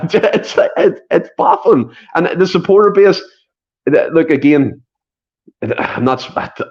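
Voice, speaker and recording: A man's voice: a little high, lively intonation, slow pace, highs cut off. A Scottish man co-hosting a football podcast, talking earnestly and building on his co-host's points. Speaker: podcast co-host. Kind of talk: casual football chat.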